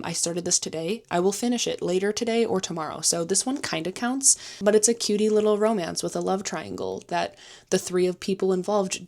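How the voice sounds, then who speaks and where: Young woman, book vlogger, casual chat, slightly low voice, laughs a lot. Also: darkish tone. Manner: chatty, laughs often, gushing.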